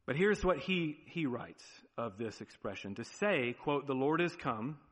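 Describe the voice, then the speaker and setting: A man preaching a sermon as pastor, animated, with sudden drops to a quiet, emphatic tone. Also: medium pitch, long reverb tail.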